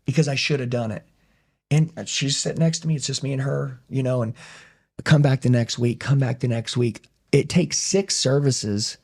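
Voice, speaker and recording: A man's voice: mid-range voice, fairly even intonation, normal speed, a little mellow, husky. A middle-aged man telling his life story as a podcast guest, intense and emphatic, swearing casually. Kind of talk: conversational interview storytelling.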